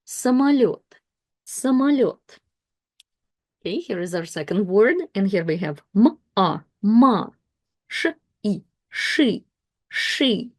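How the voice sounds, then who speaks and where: A woman teaching a language lesson, pronouncing sounds and syllables slowly and carefully for beginners. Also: fairly low pitch, darkish tone, no echo, studio quality. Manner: slow, careful, drawing out sounds and syllables for learners.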